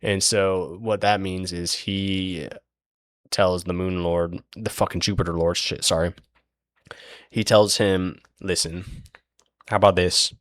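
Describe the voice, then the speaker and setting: A man's voice: sits low, level tone, takes it slowly, no echo, studio quality. A young man retelling a book's plot in a rambling, profane, casual way, full of fillers. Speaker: book recap host.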